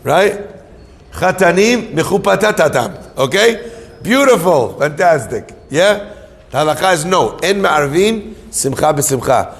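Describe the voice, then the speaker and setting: A middle-aged man preaches a storytelling sermon to a live audience, with a gravelly voice pitched a little high. He asks questions and answers them himself, mixing Hebrew terms into his talk. His voice rings with the long echo of a hall. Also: animated, a little slow. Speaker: rabbi teaching Torah.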